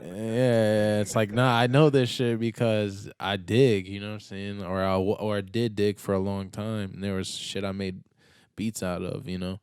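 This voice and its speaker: A man's voice: deep voice, darkish tone, smooth, no echo, clean studio sound. A young man chatting casually on a podcast, laid-back and slangy, rambling with lots of fillers. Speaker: podcast guest.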